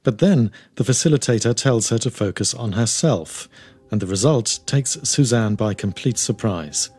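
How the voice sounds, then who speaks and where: A man presenting and narrating a radio documentary from a script, in a measured, clear way. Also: medium pitch, animated, darkish tone, soft background music.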